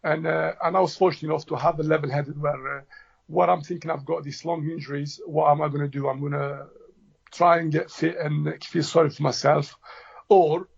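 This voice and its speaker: A middle-aged football manager from Tunisia, talking in a relaxed interview with many fillers and restarts. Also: male voice, a little high, brisk, creaky, husky. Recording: dull lo-fi audio.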